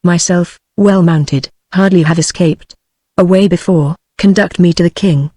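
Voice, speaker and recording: A synthetic text-to-speech voice of a woman with a British English accent, reading the part of a bold, blunt male soldier of royal blood in a flat, unvaried way. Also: lowish voice, unhurried, dry recording, clean studio sound.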